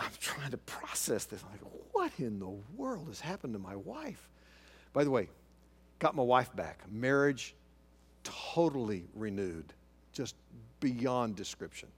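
Middle-aged male preacher, animated storyteller, lively pitch, mid-range voice. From Oklahoma. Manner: animated storyteller, quoting others in a hushed voice. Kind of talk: sermon storytelling.

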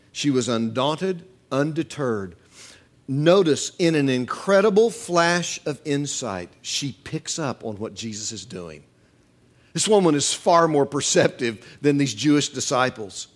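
A middle-aged male pastor preaching a sermon, animated and acting out quoted voices with humor. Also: medium pitch, a little slow.

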